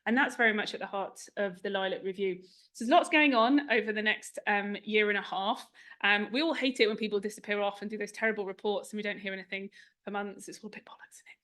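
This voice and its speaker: A woman chairing a review, giving an informal, rushed closing speech of thanks at a launch event. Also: medium pitch, fairly even intonation, a bit bright. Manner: chatty, informal, rushing through thank-yous.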